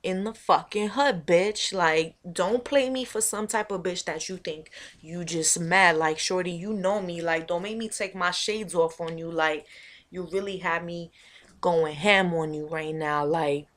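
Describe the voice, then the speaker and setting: Woman doing brash street-tough girl, loud slangy threats, low heavy voice. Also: unhurried. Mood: confrontational. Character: brash, hot-tempered streetwise young woman threatening a rival.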